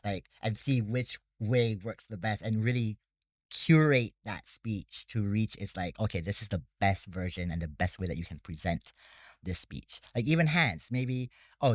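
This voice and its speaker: A man's voice: fairly low pitch, moderate pace, no echo. A man who runs a debate academy, talking casually in an interview and explaining things step by step with many fillers. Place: Bangkok.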